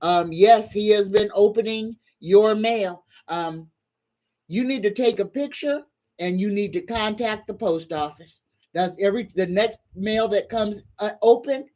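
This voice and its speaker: A woman's voice: mid-range voice, darkish tone. A woman hosting a live tarot reading, who leads prayers and reads viewers' questions aloud in a prayerful way. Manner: slow, prayerful invocations and spoken-aloud questions. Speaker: psychic tarot reader hosting a live stream.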